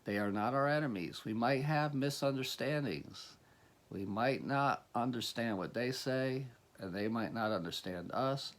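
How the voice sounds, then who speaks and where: A man's voice: mid-range voice, a little slow. A man giving a motivational talk as a life coach, earnest and rambling, with many restarts.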